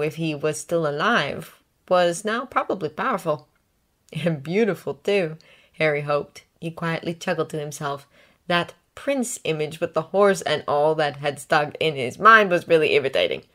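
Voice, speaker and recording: A woman with a low voice reads a fan story aloud. Her narration is scripted, measured and even. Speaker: audiobook reader.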